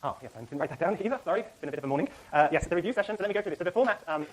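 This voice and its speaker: Guy lecturing a college class, talks super fast, lots of ums, slightly high voice, lecture hall. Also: expressive. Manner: rapid, self-correcting, many fillers. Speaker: university lecturer.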